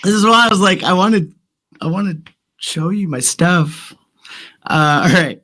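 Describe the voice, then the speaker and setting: A man's voice: high-pitched, unhurried, pushed and bright. A sick man with a cough, co-hosting a casual stream chat as a rapper, joking and mocking himself. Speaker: co-host and rapper.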